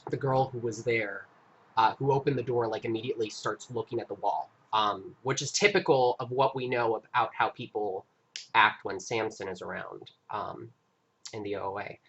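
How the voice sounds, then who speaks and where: Guy on a live stream telling a story, bright sharp voice, lots of stops and restarts. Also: on the low side, breathy edge. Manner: earnest, halting recounting with frequent restarts. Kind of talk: casual storytelling.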